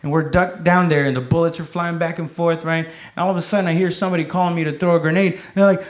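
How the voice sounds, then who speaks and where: A man in his thirties doing stand-up, telling stories in a laid-back way, swearing often and shouting the lines of other people. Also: on the high side, fairly quick, slight background noise. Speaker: stand-up comedian. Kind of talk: stand-up comedy set. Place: comedy club stage. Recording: echoey comedy club with loud laughter.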